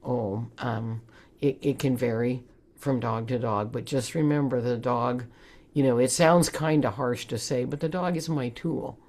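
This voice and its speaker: A woman's voice: extremely low pitch, steady tone, a little slow, darkish tone. A woman presenting in a webinar, talking in an earnest, conversational way. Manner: conversational, laughs often, earnest. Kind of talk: webinar talk.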